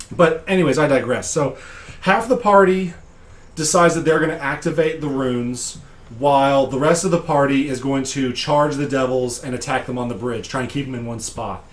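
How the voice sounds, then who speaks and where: A man with a deep voice casually recapping a tabletop game session as game master, digressive and laughing often. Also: moderate pace, reverberant.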